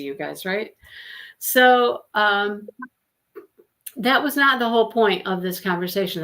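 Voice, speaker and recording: A woman's mid-range, slightly bright voice leads a live book discussion. She keeps things casual, sharing stories and laughing often while reading out comments from viewers.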